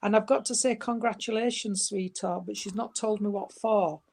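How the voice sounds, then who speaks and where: A woman medium giving a gentle, chatty spirit reading, calling her listener sweetheart and darling. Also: mid-range voice, steady tone, normal speed, gravelly.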